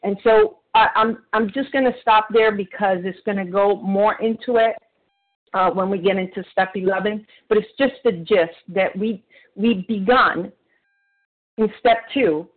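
A man sharing earnestly at a recovery meeting by phone, halting often with restarts and fillers. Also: sits high, steady tone. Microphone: phone call. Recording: phone-line audio.

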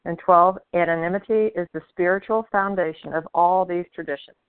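A woman from Florida reading a list of traditions aloud at a meeting, clear and brisk. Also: fairly low pitch, fairly even intonation, no echo. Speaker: meeting member. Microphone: phone call. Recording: tinny dry phone line.

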